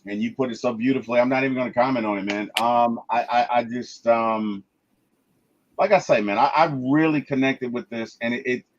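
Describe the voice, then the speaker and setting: A man's voice: mid-range voice, fairly quick, muffled recording. A man chatting casually in a movie review, emphatic, stammering and restarting as he retells scenes.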